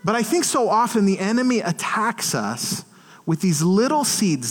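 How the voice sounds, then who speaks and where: A middle-aged man preaching a sermon as pastor, telling stories in an animated way and acting out the quotes. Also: high-pitched, measured pace, in a large hall. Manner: animated storytelling with acted-out quotes. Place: church.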